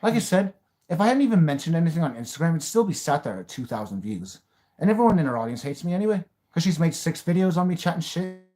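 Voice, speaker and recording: A man hosts a live stream, reacting and chatting with a fairly high, sing-song voice. He talks fast in a dark tone, blunt and swearing freely, sometimes breaking into rants.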